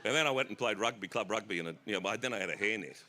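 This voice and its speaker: A middle-aged Australian man telling family stories as an author guest on a festival stage, animated and laughing. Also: lowish voice, very fast, a little hiss or hum. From South East Queensland, Australia. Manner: animated, bursts into shouted impressions and laughter.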